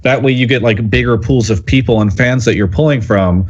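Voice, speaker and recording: A man's voice: mid-range voice, a little fast, breathy edge. Male panel guest, mid voice, rambling talky reasoning, a bit muffled. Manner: talkative, filler-heavy reasoning. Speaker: podcast guest, journalist. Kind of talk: casual panel discussion. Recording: slightly lo-fi audio.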